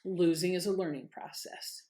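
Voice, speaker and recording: Animated, emphatic middle-aged woman. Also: lowish voice, moderate pace. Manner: animated, emphatic, laughs while telling stories. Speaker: guest, author and former candidate. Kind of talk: conversational interview storytelling.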